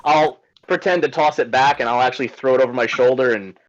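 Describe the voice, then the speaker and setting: A man describing his character's moves in a tabletop game, rambling and filling gaps with "uh". His voice sits at a middle pitch. It comes through a dull, lo-fi mic. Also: fast talker, dry recording. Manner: rambling, filler-heavy. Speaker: player.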